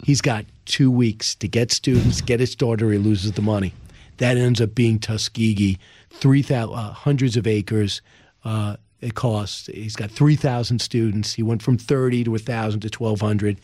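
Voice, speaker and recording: A man's voice: fairly low pitch, moderate pace, no room sound, studio quality. A man, an author on a podcast, telling a story with energy and acting out what people in it said. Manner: energetic, acts out quoted speech in the story. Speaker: author guest. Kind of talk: animated storytelling in a podcast interview.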